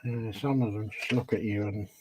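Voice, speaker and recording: A man's voice: on the low side, steady tone, moderate pace, a little mellow, breathy edge, rough recording. Laconic middle-aged man. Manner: laconic, dry quips. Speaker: live stream co-host. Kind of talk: casual chat.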